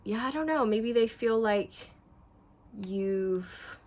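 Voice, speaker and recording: A woman's voice: on the high side, expressive, takes it slowly, darkish tone. A woman doing a casual tarot reading. She talks straight to her viewers in a chatty, repetitive way. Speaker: tarot reader.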